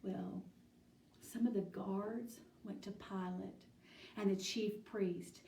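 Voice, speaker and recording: A woman teaching a children's Bible study, telling the story slowly and deliberately and asking the children questions. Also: mid-range voice, fairly even intonation, gravelly, dark tone. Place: church room. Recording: echoey room, mic at a distance.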